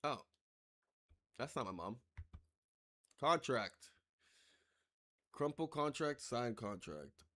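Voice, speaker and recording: A man talking over a game he is playing, loose and unscripted. He rambles, swears freely and slides into sarcasm, his voice sitting at an ordinary middle pitch. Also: sing-song, takes it slowly, pauses often, pushed and bright. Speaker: gameplay commentator. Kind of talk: casual let's-play commentary.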